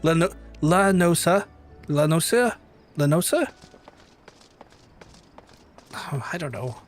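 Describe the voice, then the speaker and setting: A man streaming a game, chatting casually to viewers, swearing often and jumping high in pitch when amazed. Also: lively intonation, takes it slowly. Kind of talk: casual gaming livestream chat. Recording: faint background music.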